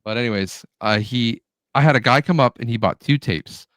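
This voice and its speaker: A man co-hosts a podcast and tells a story in easy, casual chat, slipping into the voices of the people he describes. His voice sits at an average pitch. The sound is dry and close. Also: moderate pace, no echo. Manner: animated storyteller, acts out quotes. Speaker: podcast co-host.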